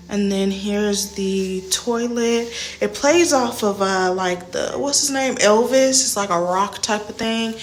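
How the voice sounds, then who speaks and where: A young woman, a flight attendant, chatting casually in an animated, slangy vlog while walking through a hotel room with a handheld phone. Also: medium pitch, slow, slight background noise. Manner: animated storytelling, slangy, says "y'all".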